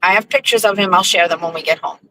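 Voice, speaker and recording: A woman hosting her show, telling stories in a chatty, animated way. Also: medium pitch, quick pace, a little hiss or hum, poor audio. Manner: chatty, animated, with lively acted-out quotes. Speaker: host. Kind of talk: casual storytelling monologue.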